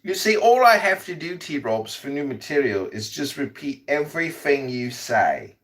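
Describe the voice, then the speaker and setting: A man hosting a podcast, roasting his guests with loud, mocking insults in crude comedic banter. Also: a little high, sing-song, moderate pace. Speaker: podcast host.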